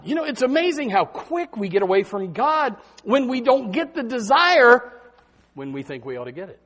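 A man preaching a sermon in a folksy, animated way, swinging between loud and soft and saying amen often. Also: brisk, husky. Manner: folksy, animated preaching with big swings in pitch and loudness, frequent amens.

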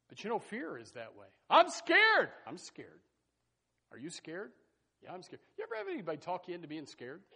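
A man preaching a sermon in a folksy, animated way, with sudden loud bursts and asides to the congregation. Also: sits high, slightly rough. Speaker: pastor.

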